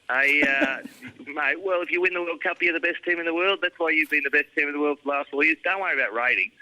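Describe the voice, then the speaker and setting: A middle-aged Australian man with a strikingly bright, forceful voice, talking rugby as a guest. He is laid-back and self-deprecating and drops "mate" into nearly every line. His tone is casual and full of banter. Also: mid-range voice, rough recording.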